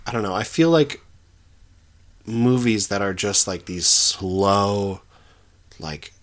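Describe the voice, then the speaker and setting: Sarcastic, lower-voiced man chatting about films. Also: takes it slowly. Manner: sarcastic, mocks snobbish voices. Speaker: podcast co-host. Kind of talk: casual film chat.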